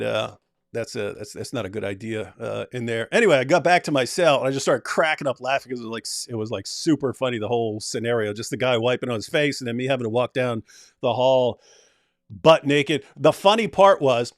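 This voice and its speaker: A man's voice: mid-range voice, fairly quick, dry recording. Chuckling, rambling man with a dry sound. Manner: rambling, chuckling, many restarts. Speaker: live stream host. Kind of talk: casual storytelling and reading comments.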